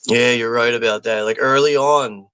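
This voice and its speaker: A man's voice: medium pitch, steady tone, moderate pace, a bit bright, smooth, no room sound, rough recording. A man hosting a live watch party stream, chatting casually and rambling, with lots of fillers, restarts and easy chuckles. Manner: easygoing, chuckles often.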